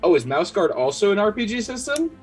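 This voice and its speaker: A man playing in a tabletop game, chatty and quick to laugh. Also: high voice, very animated, over music. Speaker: player.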